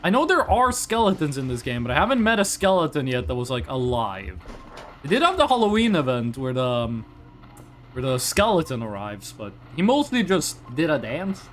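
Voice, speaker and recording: Lively chatty young man streaming. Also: medium pitch, normal speed, slight background noise. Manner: rambling, chatty, reacting to chat with frequent restarts. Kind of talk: casual live-stream chat.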